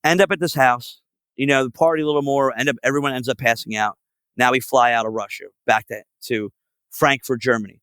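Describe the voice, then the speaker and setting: A man's voice: medium pitch, fairly even intonation, fairly quick, a bit bright, no echo, rough recording. A man, a guest musician telling road stories in a casual podcast chat, profane and full of filler words. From Philadelphia area.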